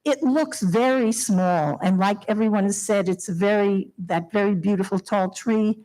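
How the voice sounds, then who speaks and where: A woman's voice: medium pitch, normal speed, dark tone, rough recording. Woman, 70s, Long Island resident; earnest, emotional public comment at a podium mic in a town meeting room. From Long Island, New York. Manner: emotional, heartfelt pleading with nervous laughs. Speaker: resident speaking at public hearing. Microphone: podium microphone.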